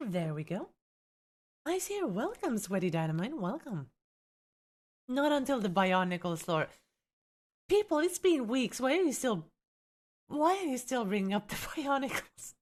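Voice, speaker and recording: A woman's voice: mid-range voice, very animated, moderate pace, pauses often. A young woman with a light Finnish accent, streaming live as a tabletop game content creator, chatting with viewers in a teasing way and reading from a rulebook. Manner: chatty, reacts to viewers, teasing, exasperated laughs.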